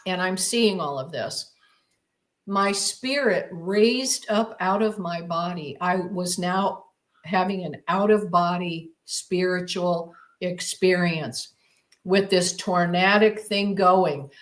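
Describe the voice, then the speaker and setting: A woman's voice: on the low side, slow. A woman guest on a podcast, retelling a personal experience in a vivid, emphatic way with repeated phrases. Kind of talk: dramatic personal storytelling.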